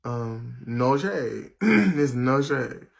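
A man's voice: mid-range voice, expressive, gravelly. A young man hosting a casual livestream chat, brash and profane, reading viewer comments aloud and ranting at them. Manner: brash, profane, quick to rant. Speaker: livestream host.

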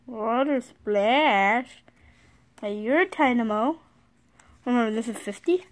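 A school-age girl vlogging casually from her bed, excitable, reading card names aloud and often apologizing. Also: a little high, slow pace. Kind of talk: casual card-opening vlog. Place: sitting on her bed at home.

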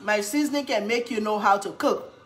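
A woman chatting casually in an eating vlog, humming with pleasure between bites and cheering when something catches her eye, then giving a playful pitch for her own products. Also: fairly quick, soft background music. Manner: chatty, talks while eating, hums with pleasure, bursts into cheers. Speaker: cooking vlogger.

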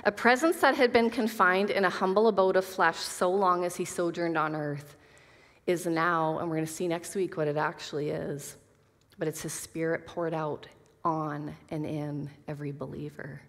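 A woman's voice: low voice, fairly even intonation, normal speed, fairly bright tone. A woman teaching a Bible study to a women's group, earnest, reading scripture aloud with casual asides. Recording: long reverb of a hall.

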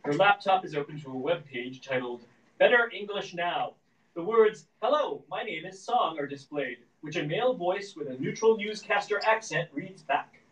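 A man reading the stage directions of a screenplay aloud at a live reading, in a steady, descriptive manner. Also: high-pitched, normal speed. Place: event room at a live reading. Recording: echoey room, distant mic.

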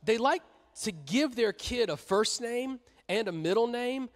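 A young-church preacher with a high voice, joking and animated as he talks to the room. His words carry long reverb through a large church hall. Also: a little slow. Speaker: youth pastor. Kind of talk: sermon.

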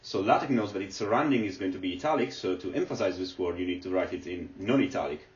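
A man's voice: sits low, animated, fast talker. A man giving a screen-recorded lecture, explaining step by step with many fillers as he types. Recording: echoey, distant, dull lo-fi.

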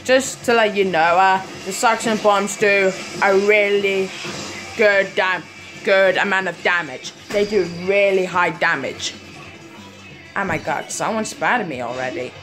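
A woman talks through her own gameplay in an excitable, easily flustered way, full of exclamations. Her pitch is mid-range and her pacing is slow and drawn out. Light game music plays quietly underneath. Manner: excitable, exclaiming often, quick to panic and laugh at herself. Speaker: gaming video host. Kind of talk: live gameplay commentary.

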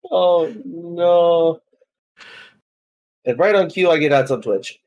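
Man, stream guest, loud cheering, gravelly, slightly high. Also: slow pace. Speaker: friend on stream. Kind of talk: casual chat.

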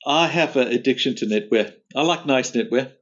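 A man chatting as a podcast guest, relaxed and quick to laugh. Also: medium pitch. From Australia. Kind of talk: casual interview chat. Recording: dull lo-fi audio.

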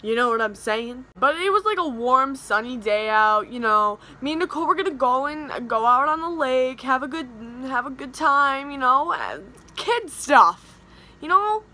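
A young woman tells a story straight to the camera with a high, bright voice. She is chatty and theatrical and peppers every sentence with "like". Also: animated, normal speed. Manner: dramatic, chatty, heavy use of "like". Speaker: vlogger.

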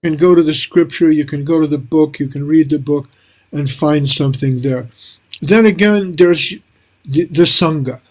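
A man's voice: a little high, moderate pace. An older man hosting a casual interview, talking in a reflective, rambling way with many fillers. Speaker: host.

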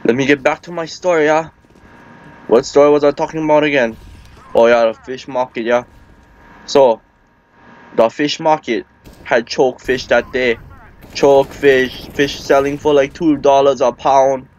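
A man's voice: mid-range voice, steady tone, measured pace, pauses often, a little mellow, lo-fi sound. A man with a Hawaiian Pidgin accent telling a rambling comic tall tale, acting out the people in it. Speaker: storyteller. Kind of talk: comic storytelling.

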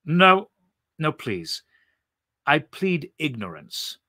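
A man voicing a timid, bewildered Martian man who speaks softly and hesitantly. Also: a little high, sing-song, drawn-out words, dry recording, studio quality, heavily acted. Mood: flustered. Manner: soft, hesitant, polite.

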